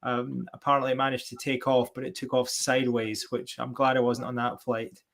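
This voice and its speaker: A man's voice: medium pitch, completely flat delivery, brisk, gravelly, fairly bright tone. A man co-hosting a podcast, telling a casual travel anecdote with a wry, easygoing tone. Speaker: podcast co-host.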